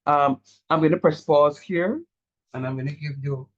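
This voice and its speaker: A man teaching a calculus class, encouraging his students and repeating key steps slowly so they follow. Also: a little high, muffled recording. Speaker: calculus lecturer. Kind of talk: online math lecture.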